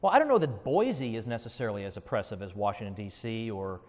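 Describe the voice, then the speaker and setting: A man's voice: fairly low pitch, animated. Wry man debating in a reverberant hall. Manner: wry, quick, argumentative. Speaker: debater and podcast host. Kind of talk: live debate rebuttal. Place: event hall before an audience.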